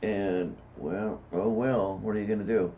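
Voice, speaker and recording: A man co-hosting a casual chat, relaxed and rambling, with dry asides. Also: fairly low pitch, measured pace. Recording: dull lo-fi sound with faint noise.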